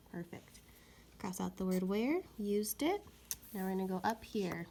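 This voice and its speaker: A woman teaching young children a reading lesson, slowly sounding out words and patiently encouraging them. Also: mid-range voice, expressive, creaky, dark tone, a little hiss or hum.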